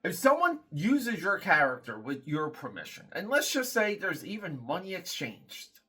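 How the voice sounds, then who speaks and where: A man's voice: high voice, wildly swooping pitch, moderate pace, pushed and bright, breathy edge. A man hosting a casual comic book review, rambling and critical, with many fillers and restarts.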